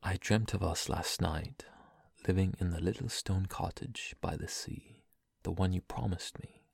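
A young man reading poems aloud in a soft, slow, breathy whisper, in the style of ASMR. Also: low-pitched, no echo, studio quality. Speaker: poetry reader.

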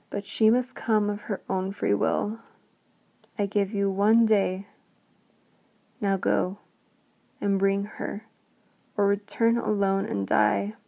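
Woman whispering as Beast, a gravelly growling male monster. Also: mid-range voice, dark tone. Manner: slow, growling, spitting words. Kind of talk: whispered role-play.

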